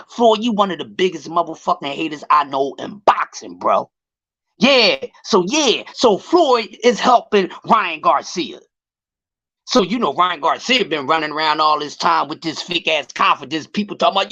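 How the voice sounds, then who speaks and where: A man's voice: a little high, expressive, moderate pace, bright, forceful tone. A man ranting on a casual livestream about boxing, profane and heated, often stretching and repeating words as he builds his point. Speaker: boxing commentary vlogger.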